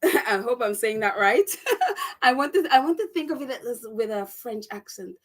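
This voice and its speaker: Woman, high voice, indignant, exclaiming, live-stream host reading comments. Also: expressive, normal speed. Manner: indignant, exclaiming, laughs often. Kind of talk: casual live-stream chat.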